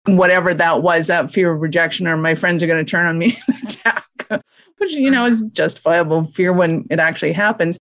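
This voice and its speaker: A woman co-hosting a casual conversation who speaks candidly in a relaxed way, with slow pauses. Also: fairly low pitch.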